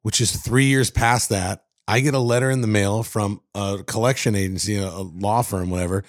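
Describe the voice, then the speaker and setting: A man co-hosting a casual chat, telling stories in an animated way with plenty of filler. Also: lowish voice, normal speed. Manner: animated storyteller, fillers like "dude". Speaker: podcast co-host.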